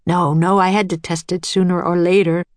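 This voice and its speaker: Heartbroken old inventor, low and quiet, weary storybook role, dry recording; woman reader. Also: level tone, normal speed, no room sound, close to an everyday voice. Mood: sorrowful. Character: sad, defeated older male inventor.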